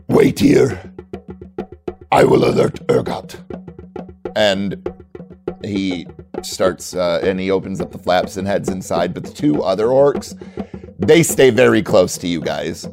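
A man narrating as game master of a tabletop game, relaxed and rambling, full of fillers. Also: fairly low pitch.

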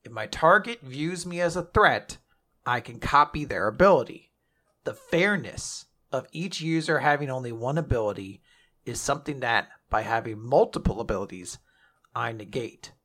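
A man doing a remorseful male traitor in a low, subdued voice. It is gravelly yet bright-edged and pitched lower than his own usual talk. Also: expressive, normal speed. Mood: solemn, regretful. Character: remorseful male traitor swordsman, self-sacrificing.

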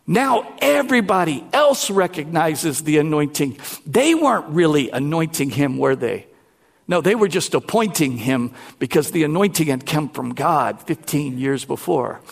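A man pastor preaching a lively sermon, talking directly to his congregation. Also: on the high side, creaky, husky.

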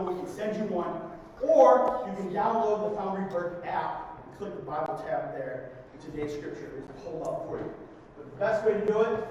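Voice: medium pitch, highs cut off. A pastor preaches in an easy, conversational way and checks in with the congregation by asking "right?" after each point. The voice sounds distant and washes around a large, reverberant hall. A faint hiss sits under the poor recording. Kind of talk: conversational sermon. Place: church sanctuary.

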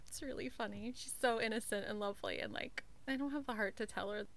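A woman's voice: a little high, quick pace, creaky. A woman co-hosting a casual book podcast, chatty and reflective, often saying "like". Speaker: podcast co-host. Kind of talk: casual chat.

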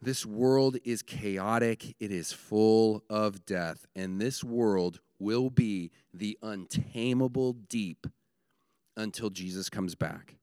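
A man's voice: on the low side, slow pace, a little mellow, smooth, no room sound, clean studio sound. A man preaching a sermon, emphatic, building his points in repeated short phrases. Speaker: pastor.

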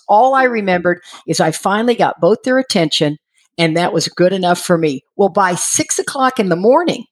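A middle-aged woman tells a long personal story in a relaxed, chatty way. She acts out what she and others said, rising and falling with the lines, and laughs at herself along the way. Her voice sits in a middle range. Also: mid-range voice. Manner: animated, acts out quoted voices, laughs while telling. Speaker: guest telling her recovery story. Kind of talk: casual storytelling.

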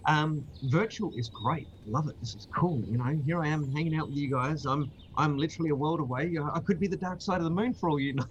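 A man's voice: fairly high pitch, fast, few pauses, muffled recording, slight background noise. A man from Australia with an Australian accent, chatting casually as a guest on a video call, laughing easily and restarting often. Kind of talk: casual chat.

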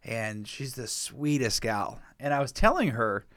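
A man chatting on a podcast, his pitch swinging widely as he tells stories. He swears freely and sounds animated. The recording is dry and close. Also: unhurried, no room sound. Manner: profane, animated storytelling with frequent laughs. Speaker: podcast co-host. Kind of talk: casual podcast chat.

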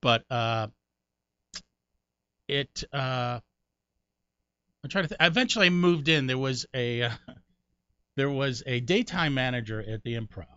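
A middle-aged comedian from Connecticut, USA, with a bright, forceful, smooth voice tells lively stories in an interview, quick to mimic others by leaping up in pitch. The sound is dry and a little muffled, with no echo or room around it.

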